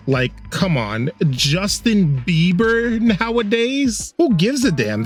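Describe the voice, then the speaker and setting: A man narrating a casual video game review, sarcastic and swearing often. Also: a little high.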